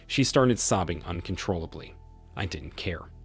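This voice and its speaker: A man with a low, husky voice tells a dramatic first-person story. His pitch moves widely as he narrates with expression. Soft music plays behind him. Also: animated, normal speed. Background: faint music.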